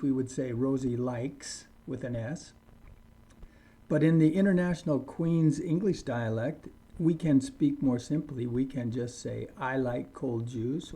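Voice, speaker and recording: A man teaching an online English lesson, speaking slowly and deliberately and repeating words for learners to copy. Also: medium pitch, warm tone, poor audio.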